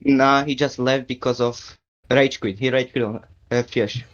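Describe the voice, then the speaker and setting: Male player, hesitant clipped answers, dull low-fi mic. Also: fairly even intonation. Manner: halting, short answers, lots of ums. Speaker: team member. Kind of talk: casual voice chat answers.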